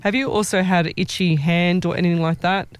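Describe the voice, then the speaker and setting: A woman's voice: lowish voice, fairly even intonation, fairly quick, clean tone, dry recording. Rambling woman giving psychic readings. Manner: rambling, self-correcting, laughs often. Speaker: psychic medium. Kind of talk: live psychic reading on a show.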